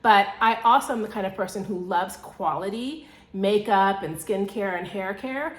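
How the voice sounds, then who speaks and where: Woman home vlogger, mid pitch, excitable rambling chat, roomy echo. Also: normal speed. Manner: chatty, excitable, rambling with laughs. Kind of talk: casual vlog chat. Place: at home indoors.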